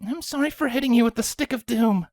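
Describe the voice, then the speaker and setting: A woman's voice: fairly high pitch, fast, a little mellow, no echo, clean studio sound, pitched above the performer's own voice, natural voice. A woman voicing a cranky female farmer pony in a storybook reading, screechy and sulky. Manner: screechy when angry, sulky when scolded.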